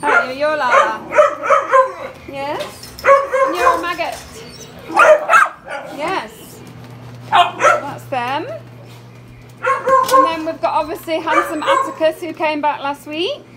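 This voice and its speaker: A woman walks along the kennels, presenting each rescue dog and sliding into soft baby talk with them. Her voice sits high and swoops up and down. The phone recording is noisy, with dogs barking close by. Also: big pitch swings, takes it slowly, long pauses. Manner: coos and baby-talks to the dogs. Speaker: dog rescue worker introducing new dogs. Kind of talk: casual walkaround video.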